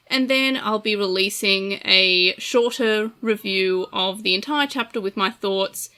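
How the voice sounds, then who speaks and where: An Australian woman talks through her podcast plans in an easygoing, self-deprecating way. Her voice has a bright, forward edge at a middling pitch for a woman. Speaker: podcast host. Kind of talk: casual podcast introduction.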